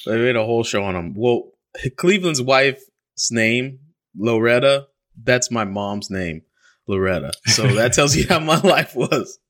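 A man hosting a podcast, telling a story in animated casual chat and laughing often. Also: mid-range voice, measured pace. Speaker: podcast host.

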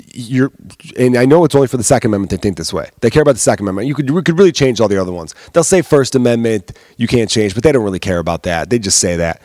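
A man's voice: on the low side, darkish tone, no echo, studio quality. A man hosting his own podcast as a comedian, ranting casually and heatedly with plenty of swearing. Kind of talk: casual solo podcast rant.

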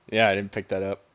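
A man's voice: lowish voice, a bit bright, clean tone. A man co-hosting a casual movie chat, asking questions and chuckling between remarks. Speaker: podcast co-host.

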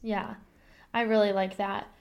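A woman's voice: medium pitch, level tone. A young woman co-hosting a podcast in casual chat, earnest and often murmuring agreement. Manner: unhurried, earnest, frequent "mm-hmm" agreement. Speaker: podcast co-host.

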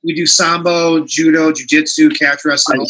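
A man's voice: fairly high pitch, steady tone, normal speed, sharp tone, rough recording. A man hosting a casual interview, who runs his own grappling school and reacts eagerly to his guest. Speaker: host, jiu-jitsu school owner.

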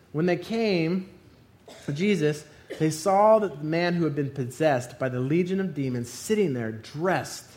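A man preaching a sermon, retelling a story with lively humor and putting on funny voices for the characters. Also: on the high side.

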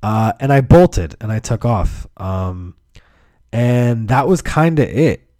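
A man's voice: mid-range voice, expressive, takes it slowly, warm tone, no room sound, clean studio sound. A man hosting his own podcast, telling rambling, profane stories in a laid-back way. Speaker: podcast host. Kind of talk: casual comedic storytelling.

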